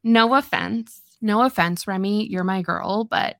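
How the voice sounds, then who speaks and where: A woman's voice: mid-range voice, measured pace, gravelly, a bit bright, no echo. A young adult woman co-hosting a podcast in casual book-club chat, playful and slangy. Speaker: podcast co-host.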